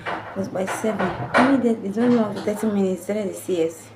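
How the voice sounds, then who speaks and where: A woman's voice: mid-range voice, fast talker, heavy background noise. A young adult woman vlogger earnestly retelling a painful personal story to camera, with emotional repetition. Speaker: family vlogger.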